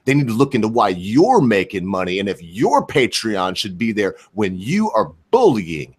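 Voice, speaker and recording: A man's voice: fairly low pitch, big pitch swings, normal speed, husky. Southern guy hosting a stream, rambling, heated, lots of restarts. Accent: American Southern. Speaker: stream host. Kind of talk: casual livestream chat.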